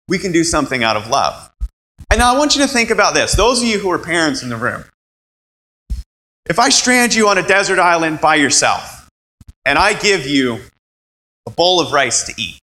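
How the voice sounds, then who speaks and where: A male pastor preaches with a lively, swooping delivery, slipping into quoted voices as he goes. His voice sits a little high and sounds bright and forceful. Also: low-quality recording. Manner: animated, acts out quoted voices. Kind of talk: sermon.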